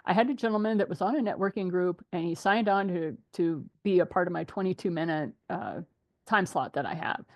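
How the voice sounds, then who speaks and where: A middle-aged woman hosting a casual group chat, telling animated stories and laughing often. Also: fairly low pitch, brisk. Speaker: host.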